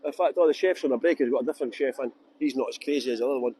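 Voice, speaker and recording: A man's voice: medium pitch, rapid-fire, mellow, a little hiss or hum. A Scottish man giving a casual live-streamed walking tour outdoors by a harbour, chatty and jokey, greeting viewers by name. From Scotland. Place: outdoors at a harbour ferry terminal.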